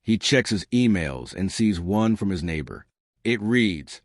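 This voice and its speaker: A man narrating scripted jokes in a lively storytelling manner. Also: low voice, measured pace, no room sound, clean studio sound. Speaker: joke narrator.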